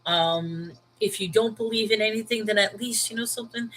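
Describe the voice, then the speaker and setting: A woman with a mid-range, fairly bright voice talks briskly as host of a casual Bible livestream, addressing viewers by name with candid emphasis. She's a thirtysomething New Yorker with a Brooklyn accent, and the low-quality recording has a little hiss or hum.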